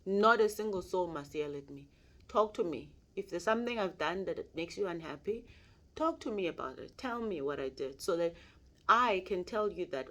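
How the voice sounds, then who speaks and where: A woman's voice: on the low side, expressive, normal speed, a bit bright. A woman mentor giving a motivational mentorship talk, earnest and repeating her key points for emphasis. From South Africa. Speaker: mentor and life coach.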